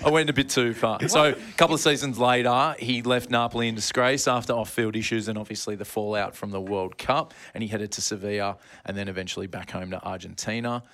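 Bright-voiced man telling a sports story. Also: on the low side, fairly even intonation, fairly quick, few pauses. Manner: rambling, laughs at own slips. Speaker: podcast co-host. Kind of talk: casual sports chat, storytelling.

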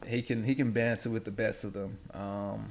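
Laid-back Australian man, gravelly low voice. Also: level tone, a little mellow. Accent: Australian, somewhat faded. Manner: laid-back, halting, many fillers. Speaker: guest athlete. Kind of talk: casual remote interview.

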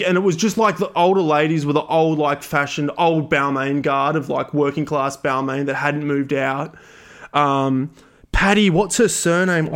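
An Australian man in his thirties, a podcast host telling a rambling, casual story with lots of fillers and laughter. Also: fairly high pitch.

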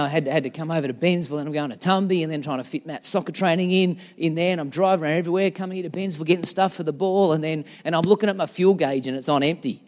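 A man's voice: on the high side, long reverb tail. A middle-aged man preaching a sermon as a pastor, chatty and self-deprecating. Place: church.

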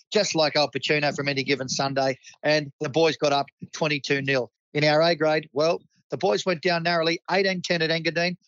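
A man's voice: fairly high pitch, a bit bright, no echo. Australian male club host, enthusiastic mate-to-mate delivery, dry lo-fi recording. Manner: enthusiastic, matey. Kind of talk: community sports club roundup.

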